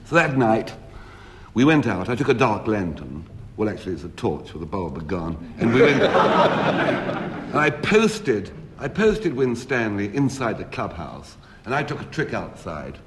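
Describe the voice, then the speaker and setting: A man on a radio comedy panel, telling a comic story with wry, deadpan delivery and dramatic pauses. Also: on the low side, slight background noise.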